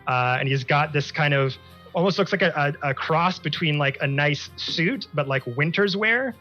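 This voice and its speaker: A man running a tabletop game, laying out the scene in a loose, rambling way full of fillers. His voice is bright and middle-pitched. The sound is a little dull and lo-fi, with faint music underneath. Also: normal speed. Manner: descriptive, loose, with many fillers. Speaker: game master.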